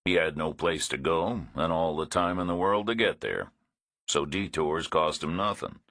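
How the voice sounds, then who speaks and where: A man narrating a thriller audiobook in a measured, understated reading. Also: extremely low pitch, a bit bright, breathy edge, no room sound, studio quality.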